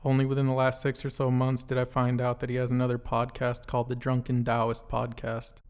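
Gravelly man reading a podcast intro. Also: mid-range voice, completely flat delivery, brisk, a little mellow. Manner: earnest, read-from-script delivery. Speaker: podcast host. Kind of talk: scripted monologue intro.

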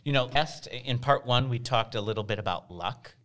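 A woman's voice: very deep voice, moderate pace, a bit bright. A woman co-hosting a casual chat, who laughs easily and reads out a list with asides. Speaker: podcast host.

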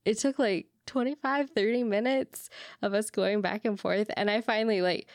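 A woman's voice: mid-range voice, normal speed, no echo, studio quality. A woman chatting casually, telling stories animatedly and acting out the people she quotes. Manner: animated, acts out quoted lines. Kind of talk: casual chat.

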